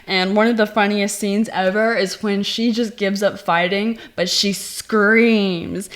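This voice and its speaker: A woman giving a casual movie review, chatty and animated, acting out lines from the scenes she retells. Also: medium pitch, unhurried, hardly any pauses. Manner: chatty, many "like" fillers.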